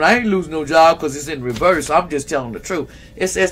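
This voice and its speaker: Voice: medium pitch, brisk, few pauses, a bit bright, a little hiss or hum. A tarot reader in a casual vlog who speaks bluntly and in slang, talking straight to viewers and often breaking into laughs.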